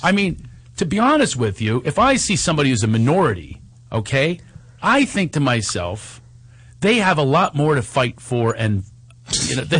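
A man co-hosting a casual chat show, telling stories in an animated, exasperated way and laughing often. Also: a little high, normal speed, slightly rough. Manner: animated storytelling with frequent laughs; exasperated ranting. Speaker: podcast co-host.

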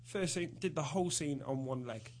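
A man's voice: fairly high pitch, normal speed, noisy background. A man, a studio guest telling easygoing stories in casual chat. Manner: easygoing storyteller.

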